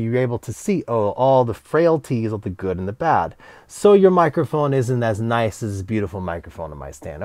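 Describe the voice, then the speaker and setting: A middle-aged man talks about teaching cello in a relaxed interview, his pitch rising and falling in a lively, animated way. He acts out his students' lines in quick quoted voices, and the recording is dry and close, with no room sound. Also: dry recording. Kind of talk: casual interview talk.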